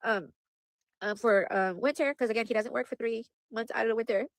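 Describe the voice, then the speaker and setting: Young woman, worried casual vlog, rambling, quick pace, dry close sound. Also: on the high side, no echo. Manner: rambling, repeats herself, heavy use of "like" and "you guys". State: upset and worried. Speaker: vlogger. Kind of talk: emotional casual vlog to viewers.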